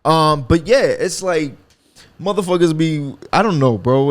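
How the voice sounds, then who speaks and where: A young man from the Bronx with a New York accent hosts a solo podcast, rambling casually and profanely with lots of slang and restarts. His voice is fairly high and runs at a normal speed.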